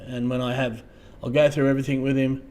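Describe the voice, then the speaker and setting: An Australian man hosting a casual livestream, talking to viewers in a halting way, repeating words and trailing off softly. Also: mid-range voice, little pitch movement, a little hiss or hum. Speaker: livestream host.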